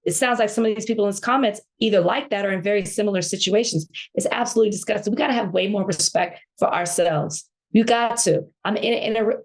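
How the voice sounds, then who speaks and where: A woman's voice: mid-range voice, quick pace, few pauses. A woman co-hosting a podcast, talking in heated casual chat with passionate indignation, often restarting phrases. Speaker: podcast co-host.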